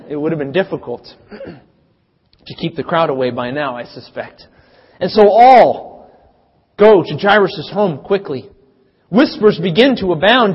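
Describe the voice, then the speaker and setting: A man preaching a sermon, telling the story dramatically with big swings in loudness. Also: fairly high pitch, animated, measured pace, pauses often, husky. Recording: dull sound with long reverb.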